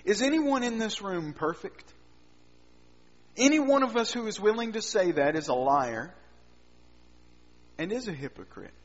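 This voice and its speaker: High-voiced male preacher in reverberant hall. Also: animated, measured pace, long pauses. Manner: swings between loud emphatic lines and quiet low asides. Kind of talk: sermon. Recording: dull sound with long hall reverb.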